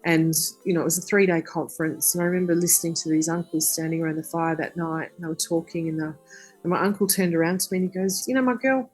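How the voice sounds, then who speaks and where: A woman's voice: sits low, fast talker, breathy edge, soft background music. An Australian woman in her fifties, a singer-songwriter guest telling stories in conversation and acting out the people she quotes. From southwest Western Australia. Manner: animated storyteller who acts out the people she quotes. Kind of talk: conversational storytelling.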